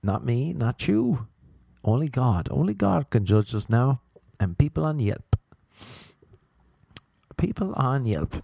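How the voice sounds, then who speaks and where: Rambling, swearing podcast host. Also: male voice, mid-range voice, very animated, slow, vocal fry, pauses often, warm tone, no room sound. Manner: rambling, swearing, jumps between silly impressions. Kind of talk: rambling comic podcast chat.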